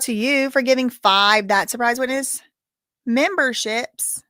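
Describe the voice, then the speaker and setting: A woman hosting a casual livestream, thanking viewers and talking in a halting, emotional way full of "like". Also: fairly high pitch, bright, forceful tone, no room sound, studio quality. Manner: chatty, halting, heavy use of "like", openly emotional. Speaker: livestream host reading viewer donations.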